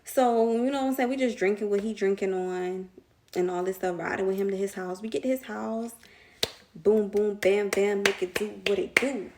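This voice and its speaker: A woman's voice: mid-range voice, fairly even intonation, moderate pace, noisy background. A young woman telling a casual storytime to her viewers, slangy and chatty, laughing often.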